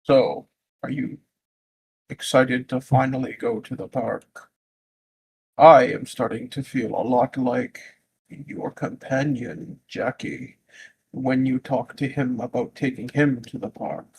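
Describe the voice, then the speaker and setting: A man's voice: mid-range voice, fairly even intonation, slow pace, vocal fry, breathy edge, rough recording. A man, a player in a tabletop role-play game, chatting casually with dry jokes over a voice call.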